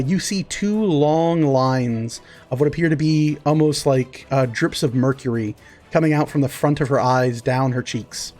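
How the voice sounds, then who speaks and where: A man's voice: medium pitch, a little mellow. A man narrating a tabletop game as game master, rambling with many fillers.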